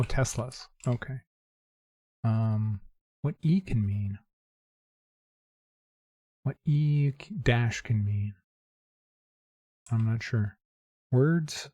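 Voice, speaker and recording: A man's voice: mid-range voice, dark tone, no room sound. A man hosting a gaming channel, casually thinking aloud as he works through word and number puzzles, muttering the clues to himself. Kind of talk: casual puzzle-solving commentary.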